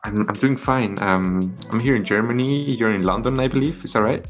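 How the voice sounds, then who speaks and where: A man's voice: lowish voice, brisk, soft background music. A man hosting a radio show, a native Spanish speaker chatting in English with many fillers and restarts. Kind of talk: casual interview chat. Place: in Germany, remote call.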